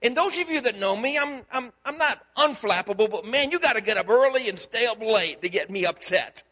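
In a large hall, a pastor preaches a sermon in a very high-pitched voice at a fairly quick clip. He tells a story in an animated way, acting out the dialogue himself.

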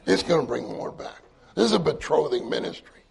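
Gravelly husky man telling a sermon story. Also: fairly high pitch, expressive, a little fast, darkish tone. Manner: conversational anecdote with quoted dialogue and laughs. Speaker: church speaker.

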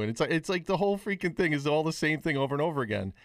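A man's voice: on the high side, rapid-fire, no room sound. Male podcast co-host, casual rambling talker, dry close sound, full of restarts. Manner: rambling, animated storytelling with many restarts. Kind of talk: casual chat on a video call.

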